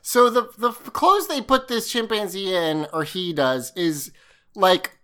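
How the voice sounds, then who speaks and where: Recapping an episode's scene, a woman co-hosting a podcast chats in a rambling, casual way and swears freely. Her medium-pitched voice is a bit bright, with lively intonation and an unhurried pace.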